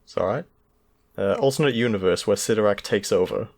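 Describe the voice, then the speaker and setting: A man's voice: lowish voice, brisk, gravelly, darkish tone. A man in casual podcast chat, recapping the story in an easygoing way with chuckles and filler words. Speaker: podcast co-host.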